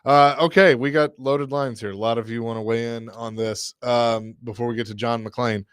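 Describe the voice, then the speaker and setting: A man hosting a sports talk radio show, easygoing with callers and quick to laugh. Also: mid-range voice, steady tone, a bit bright, clean tone, no room sound. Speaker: radio host. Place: radio studio. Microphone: studio mic.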